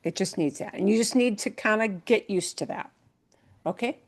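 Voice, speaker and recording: A woman's voice: medium pitch, normal speed. A woman Spanish teacher explaining grammar to her class patiently, step by step, with everyday examples.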